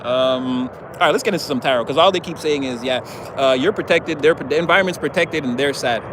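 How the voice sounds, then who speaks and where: A male tarot reader talks through his cards in a loose, rambling way and laughs often. His voice sits slightly high, with a faint background hum. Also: brisk. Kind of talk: casual tarot reading.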